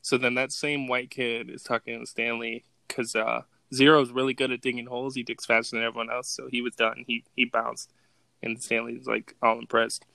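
A man's voice: medium pitch, level tone, moderate pace, creaky, bright, forceful tone, no room sound. A man co-hosting a casual podcast, laid-back, swearing and laughing as he recaps movie scenes. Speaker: podcast co-host. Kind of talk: casual chat.

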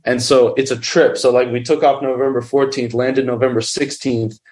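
A documentary filmmaker tells a story in a loose, rambling way, leaning constantly on "like" and other fillers. His voice sits at medium pitch with a flat, slightly mellow delivery at a normal speed.

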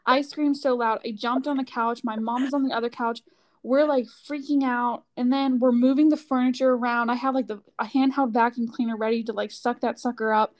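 A woman's voice: a little high, fairly even intonation, fairly quick, darkish tone. A woman chatting casually, telling a story with lots of "like" fillers. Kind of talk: casual chat.

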